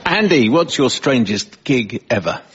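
A man hosting a comedy panel show, briskly reading out scores and questions. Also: medium pitch, very animated, fairly bright tone, breathy edge. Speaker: quiz show host. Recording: lo-fi broadcast sound.

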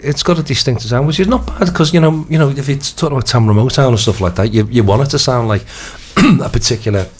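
A man co-presenting a radio show, hoarse from losing his voice, talking casually with hesitant fillers. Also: mid-range voice, fast, few pauses.

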